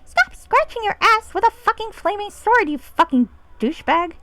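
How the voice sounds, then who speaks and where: A woman putting on a very high, squeaky pixie voice for her game character. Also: lively intonation, quick pace, no room sound. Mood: yelling. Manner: squeaky, foul-mouthed.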